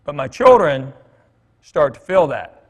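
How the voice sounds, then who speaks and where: A middle-aged man with a slightly high voice talks to a church crowd on a stage mic. He tells stories in a loose, joking way, full of fillers and asides. His voice carries a long reverb from the large hall. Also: sing-song, measured pace, breathy edge. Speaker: comedian speaking at church. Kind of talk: storytelling talk to a congregation.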